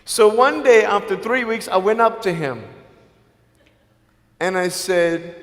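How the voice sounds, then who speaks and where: A man giving an earnest, personal inspirational speech to a live audience, mixing in quick jokes. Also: high voice, sing-song, a bit bright. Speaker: motivational speaker. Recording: echoey hall with long reverb.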